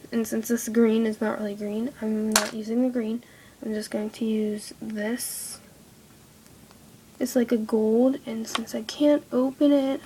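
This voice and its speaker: A teenage girl half-whispering a casual craft tutorial at home, apologetic and easily irritated. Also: on the high side. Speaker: craft video maker. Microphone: iPod camera close by. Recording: faint background noise.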